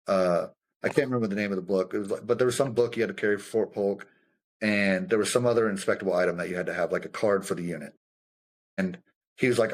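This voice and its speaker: A young adult man, a combat veteran guest, telling war stories in a loose, profane, animated way, acting out the people he quotes. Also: on the low side, quick pace. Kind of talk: casual storytelling conversation.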